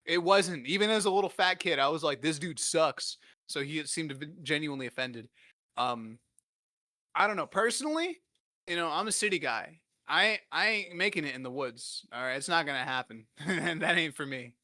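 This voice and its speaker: Young man, podcast host, rapid-fire rambling, crude self-deprecating humor, bright edgy tone, close dry mic. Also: a little high, animated, dry recording. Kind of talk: casual comedic storytelling.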